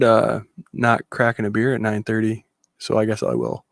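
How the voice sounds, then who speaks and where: A man's voice: on the low side, big pitch swings, normal speed, gravelly, dry recording, clean studio sound. A man co-hosting a casual sports panel podcast, giving blunt opinions and reading out viewer comments. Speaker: podcast co-host.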